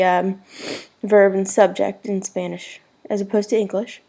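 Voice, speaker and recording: A woman's voice: medium pitch, darkish tone. A woman teaching a recorded Spanish lesson, spelling words out letter by letter.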